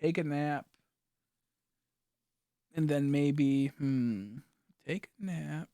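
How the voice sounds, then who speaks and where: A man's voice: a little high, drawn-out words, dark tone, no echo, studio quality. A young man chatting casually while streaming a game, rambling with mumbled asides and lots of fillers. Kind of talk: casual live-stream chat while gaming.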